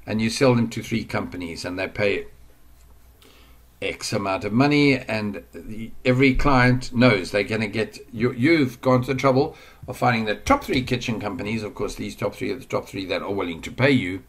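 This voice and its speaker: A man's voice: on the low side, normal speed. A man giving a casual screen-share lesson on online marketing. He rambles and chats, and he drifts off the mic now and then while working at his computer.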